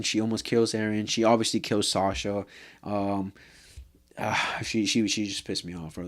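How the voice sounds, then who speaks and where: A man ranting casually about a show, heated and profane, rambling with fillers and restarts. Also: fairly low pitch. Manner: profane and heated, says "bro" constantly. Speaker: vlogger. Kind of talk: casual anime rant.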